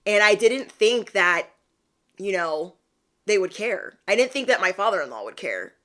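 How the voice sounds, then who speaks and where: A woman vlogger in a chatty, animated retelling of a family story, using slang as she talks to her viewers. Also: medium pitch, normal speed. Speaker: spiritual vlogger. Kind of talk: casual storytelling.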